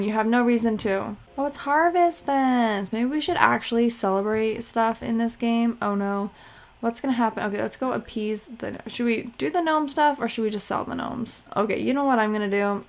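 A woman's voice: fairly high pitch, vocal fry. A young woman casually commenting as she plays a life-simulation game, chatty and scattered, bossing her game characters around. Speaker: let's play host.

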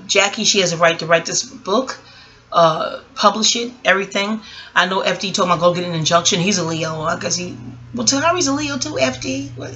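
A bright-voiced woman rambling through casual commentary, cussing freely and drifting off topic. Her talk is loose and scattered, the sound of a home audio recording. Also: fairly low pitch. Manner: scattered, profane, digressive. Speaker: online commentator.

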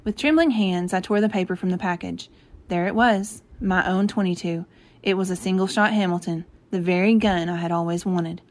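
A woman reading a novel aloud, telling the story gently and giving the characters light voices of their own. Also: fairly low pitch, normal speed. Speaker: reader.

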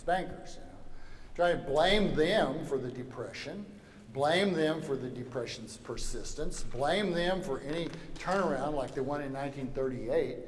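Wry man lecturing in a hall. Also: medium pitch. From Louisiana. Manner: wry and joking, with lots of "you know" asides. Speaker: lecturer at a summer seminar. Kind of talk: anecdotal lecture. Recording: echoey hall, faint background noise.

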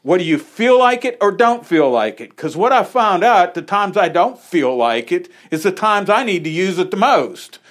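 A man's voice: high-pitched, very animated, moderate pace, few pauses. A man preaching an informal, conversational sermon in a small church, with folksy asides. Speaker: pastor.

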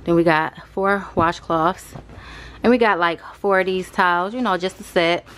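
A young woman talking casually through a shopping haul vlog, addressing viewers as y'all, rushed and a bit out of breath. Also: lowish voice, fairly bright tone, a little hiss or hum. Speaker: vlogger.

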